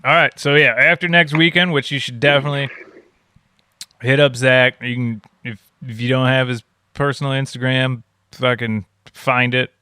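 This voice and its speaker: Young dude cohosting a podcast, smooth clear voice, dry close sound, rambles and cusses a lot. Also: male voice, mid-range voice, steady tone, moderate pace, pushed and bright, dry recording. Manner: rambling, joking, swears freely. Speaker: podcast co-host. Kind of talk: casual chat.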